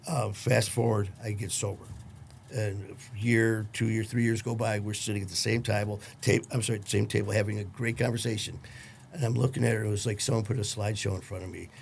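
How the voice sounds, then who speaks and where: A man's voice: on the low side, level tone, fairly quick, vocal fry, slight background noise. A man hosting a podcast, interviewing a guest and telling his own story in a reflective way. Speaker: podcast host. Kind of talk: conversational interview.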